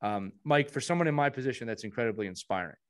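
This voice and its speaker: A man's voice: mid-range voice, lively intonation, quick pace. Effusive, earnest male podcast host. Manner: effusive and earnest, heaping praise on co-hosts. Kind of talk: casual podcast chat.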